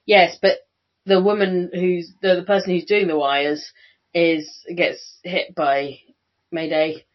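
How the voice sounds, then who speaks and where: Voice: mid-range voice, level tone, slow. A co-host on a casual film podcast who recaps the plot and asks easygoing questions. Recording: dull home recording.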